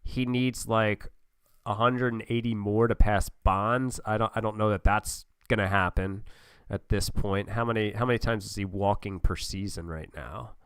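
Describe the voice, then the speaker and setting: A man's voice: on the low side, steady tone, normal speed, a bit bright, smooth, dry recording. A young adult man casually commenting on a sports simulation game, thinking aloud with frequent fillers and restarts. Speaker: gaming channel host.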